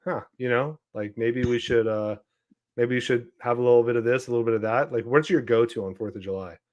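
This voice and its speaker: A man's voice: medium pitch, fairly quick, a little mellow, muffled recording. A man hosting a casual podcast, talking loosely with plenty of fillers and plugging the show to listeners. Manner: loose and chatty, many fillers. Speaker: podcast host.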